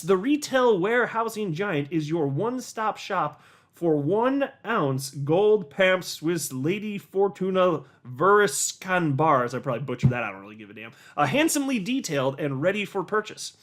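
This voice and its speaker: A man giving casual, animated commentary as a hobby YouTuber, with sarcastic asides and little rants. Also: high-pitched, normal speed. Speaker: crypto YouTuber.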